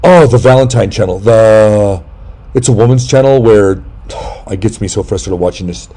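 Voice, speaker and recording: A man in casual chat, telling stories in a rambling, animated way, breaking into high voices to mimic people and swearing freely. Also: moderate pace.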